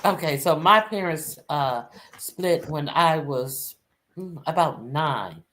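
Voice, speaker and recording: A woman with a fairly low voice hosts a loose, casual chat. She tells her stories with a steady laugh and plenty of profanity. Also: takes it slowly. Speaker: host.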